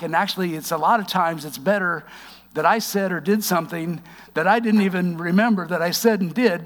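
A man giving a conversational sermon, reading scripture aloud and explaining it with wry asides, slowing down for emphasis. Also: high voice, a bit bright, in a large hall. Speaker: preacher.

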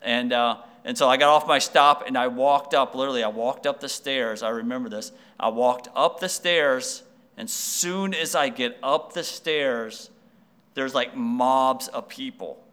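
A man's voice: medium pitch, measured pace, a bit bright, clean tone. A young man from Missouri preaching, telling a rambling personal story full of fillers and restarts. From Missouri, United States. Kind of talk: sermon storytelling.

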